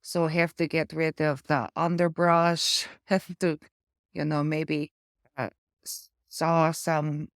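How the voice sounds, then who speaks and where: A woman with an Eastern European accent, talking in a casual vlog, halting and searching for words with small stutters, living with aphasia after a stroke. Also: deep voice, level tone, smooth, no room sound, clean studio sound. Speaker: memoir vlogger.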